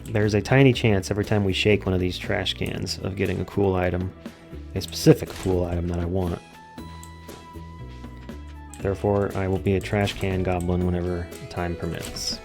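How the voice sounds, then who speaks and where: Low-voiced man explaining a game. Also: normal speed, gravelly, faint music behind. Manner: relaxed, explains mechanics step by step. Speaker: gameplay commentator. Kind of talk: casual let's-play commentary.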